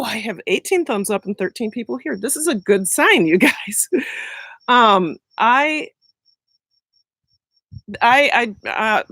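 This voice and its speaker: A woman's voice: mid-range voice, a bit bright, dry recording, low-quality recording. A woman chatting casually on a live stream while walking around outside, recovering from a sore throat, greeting viewers by name. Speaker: vlog host on a livestream. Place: outdoors around a house in summer.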